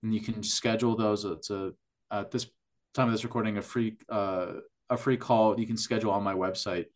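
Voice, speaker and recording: A man's voice: on the low side, fairly even intonation, a little fast. Enthusiastic man explaining health testing. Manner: enthusiastic, explanatory, with frequent restarts and "like". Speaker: functional medicine practitioner, podcast guest. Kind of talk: casual podcast interview.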